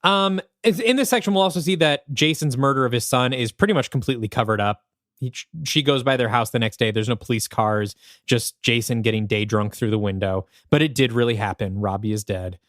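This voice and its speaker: A man co-hosting a podcast narrates a story pitch, thinking aloud as he goes. His voice sits at an ordinary man's pitch, and the recording is dry and close. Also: brisk, a bit bright, no echo. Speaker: podcast co-host.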